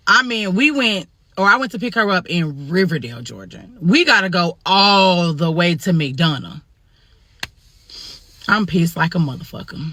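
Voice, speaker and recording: A rideshare driver, telling a storytime monologue in an animated, profane and exasperated way. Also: mid-range voice, dry recording, studio quality.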